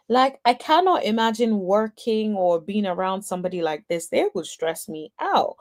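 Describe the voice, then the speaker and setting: A woman's voice: medium pitch, lively intonation, normal speed, few pauses. A woman hosting a casual reaction commentary, speaking to her viewers with chatty, exasperated asides. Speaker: host.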